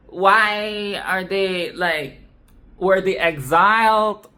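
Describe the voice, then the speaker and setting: A woman's voice: mid-range voice, extremely slow, sharp tone. A woman hosting a film commentary video, ranting in a profane, exasperated and sarcastic way. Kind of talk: casual solo film rant.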